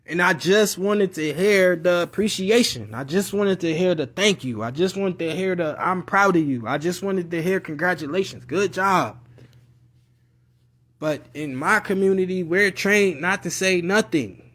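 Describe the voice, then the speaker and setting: In a live video, a young man tells a personal story in slangy, casual speech, animatedly acting out his relatives' voices. His voice is high, and he talks at normal speed with few pauses.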